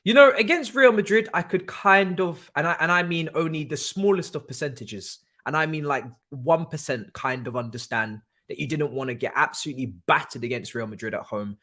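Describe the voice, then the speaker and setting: A man's voice: a little high, a bit bright. A young man ranting in a casual live-stream, exasperated and sarcastic, swearing now and then. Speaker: football watchalong streamer.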